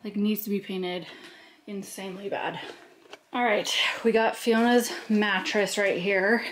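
A woman's voice: medium pitch, fairly even intonation, measured pace, a little hiss or hum. A woman in her thirties vlogging casually while moving house, chatty, out of breath and laughing often. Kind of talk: casual vlog chat.

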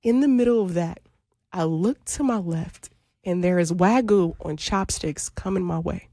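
Her voice on the low side and her pace moderate, this podcast co-host tells a story animatedly in casual conversation, laughing often along the way. The recording is dry and studio quality.

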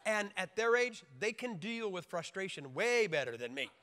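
A man preaching a sermon in an emphatic, joking way, now and then mimicking wailing babies with high shouts. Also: sing-song, moderate pace. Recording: long hall reverb.

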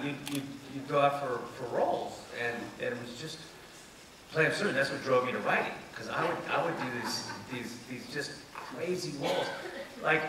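A man, an actor and writer on a panel, telling comic anecdotes and acting out the voices in them, laughing often. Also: medium pitch. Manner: animated, acts out voices in his stories, laughs often. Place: event space with audience. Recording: echoey room, distant mic, background noise.

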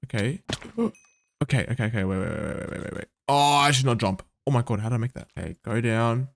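A man giving live gameplay commentary, excitable and swearing under his breath, with sudden gasps and outbursts. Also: medium pitch, fast talker, vocal fry, slight background noise. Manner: mutters to himself, swears when frustrated. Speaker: gaming video creator.

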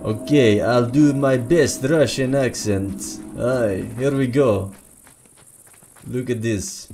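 Deadpan male streamer. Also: mid-range voice, slow, faint music behind. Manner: wry, deadpan asides while reading game text aloud. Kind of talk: casual gameplay commentary.

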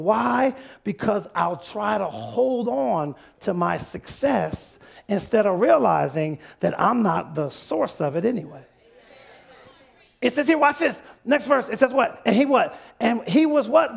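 Male pastor, very high gravelly voice, call-and-response sermon. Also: very animated, a little slow. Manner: call-and-response preaching, rising to shouts. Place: church sanctuary.

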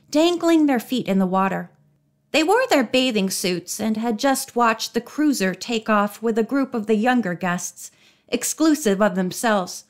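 Woman reading a storybook aloud, even and clear, kinda high voice. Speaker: audiobook narrator. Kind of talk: audiobook narration.

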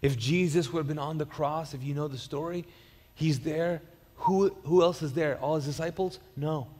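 A man's voice: a little high, normal speed, a little mellow, long reverb tail. A man preaching a sermon as pastor, conversational and storytelling, with frequent restarts and repeated words. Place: church auditorium.

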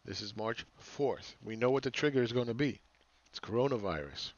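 A man's voice: mid-range voice, animated, fairly quick, dry recording, lo-fi sound. Sarcastic, exasperated man ranting. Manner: sarcastic, exasperated, repeats phrases for emphasis. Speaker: market analyst host. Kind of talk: ranting commentary to camera.

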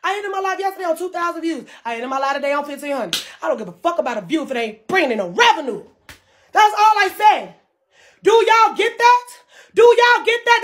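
Woman streamer, very high voice, heated profane live rant. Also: a bit bright. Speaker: livestreamer. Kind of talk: livestream rant.

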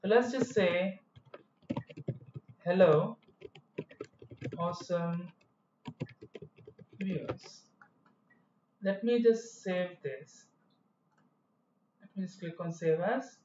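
A man's voice: high voice, slow, pauses often, darkish tone, slight background noise. A man giving a coding tutorial with rambling, self-correcting explanations. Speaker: programming tutor. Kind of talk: screen-recorded coding tutorial. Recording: echoey, dull room sound.

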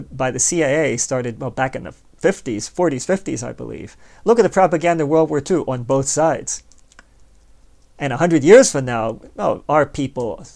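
Podcast guy rambling on, talks right at you, kinda gravelly. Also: medium pitch, a little mellow. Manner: sardonic, plays both sides of an imagined dialogue; rambling, conversational, addresses the listener directly. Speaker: podcast host. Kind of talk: philosophical monologue.

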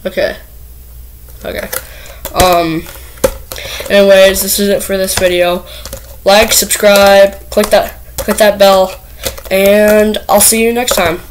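A woman's voice: mid-range voice, little pitch movement, measured pace, long pauses, slight background noise, poor audio. A woman vlogging to camera, nervous and rambling, with lots of filler words and restarts. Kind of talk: casual first vlog to camera.

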